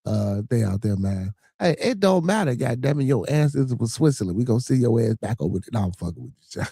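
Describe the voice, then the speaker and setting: A man's voice: medium pitch, expressive, fast talker, warm tone, slightly rough, no room sound, studio quality. A man with a Chicago accent hosting a livestream, joking and cursing loosely while reading chat comments aloud. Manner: loose, profane, joking banter with frequent filler. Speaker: livestream podcast host.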